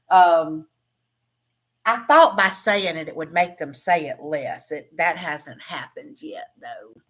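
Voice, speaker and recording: Chatty woman with a lower voice. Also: moderate pace, a bit bright. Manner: chatty, laughs often, trails off and restarts. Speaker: craft livestream host and teacher. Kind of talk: casual livestream chat reading comments.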